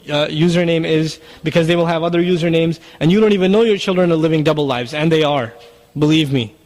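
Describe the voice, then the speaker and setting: A man's voice: on the high side, long reverb tail. A man giving a sermon in an urgent, exhorting way, full of rhetorical questions. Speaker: preacher.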